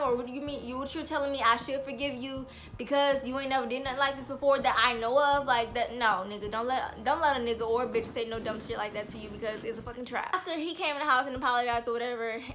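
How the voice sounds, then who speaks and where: A woman's voice: on the high side, fairly bright tone, a little hiss or hum. A woman vlogger telling a personal story in a casual storytime vlog, blunt, profane and heated.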